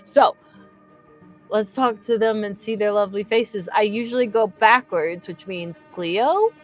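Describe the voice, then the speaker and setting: A woman's voice: mid-range voice, measured pace, soft background music. A woman game master wrapping up a live-streamed tabletop game in a playful, jokey way.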